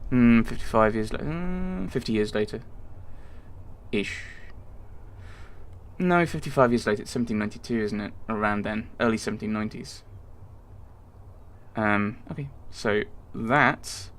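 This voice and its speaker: A man's voice: lowish voice, normal speed, pauses often, a little hiss or hum. A man hosting a let's play, thinking aloud and rambling through casual game commentary.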